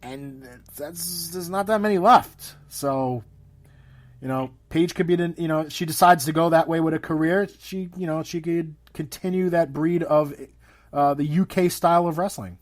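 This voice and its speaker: A man's voice: a little high, fairly even intonation, moderate pace. A man hosting a casual interview chat, rambling and laughing often. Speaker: podcast host.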